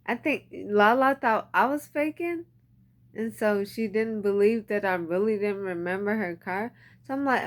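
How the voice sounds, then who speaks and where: A young woman, casually telling personal stories with lots of "like" and "um". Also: medium pitch. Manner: chatty, frequent fillers like "like" and "um". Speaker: vlogger. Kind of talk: casual storytelling to camera.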